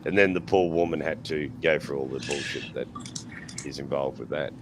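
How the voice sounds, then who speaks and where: Low-voiced Australian man swapping crude stories. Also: moderate pace. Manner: profane, laughing, acts out quotes. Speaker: podcast panelist. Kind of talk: casual chat, crude storytelling. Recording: noisy background.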